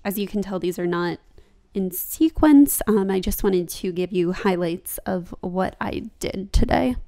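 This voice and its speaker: A woman's voice: mid-range voice, a little slow, gravelly, warm tone. A young woman talking casually over her own yoga practice as a vlogger, chatty and laughing at herself.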